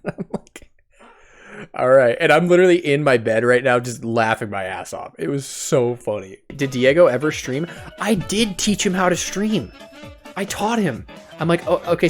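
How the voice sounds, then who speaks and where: A man in his twenties, a streamer in his bedroom, telling a story in casual chat and laughing often. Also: a little high. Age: 20s. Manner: giggly storytelling, laughs a lot.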